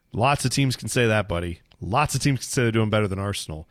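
A man's voice: on the low side, no room sound, studio quality. A man co-hosting a podcast, chatting about soccer in an easygoing, joking way. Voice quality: easygoing, joking, trails off and restarts. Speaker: podcast co-host. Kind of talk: casual sports chat.

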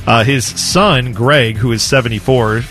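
A man's voice: medium pitch, unhurried, a bit bright, soft background music. A man co-hosting a sports talk radio show in casual banter, telling a news story with jokes and chuckles.

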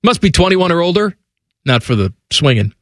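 A man's voice: sing-song, moderate pace, a bit bright, no room sound, clean studio sound. A man hosting a casual sports radio show, reading ad copy with mock enthusiasm and joking with his co-host. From Central Ohio. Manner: reads ad copy with mock enthusiasm, mocks timid locals in a high whiny voice.

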